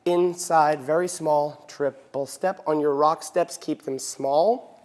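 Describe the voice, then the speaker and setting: A man's voice: fairly high pitch, fairly even intonation, slow, darkish tone. A male dance teacher giving an instructional lesson, counting beats aloud and checking in with frequent "right?". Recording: echoey hall reverb.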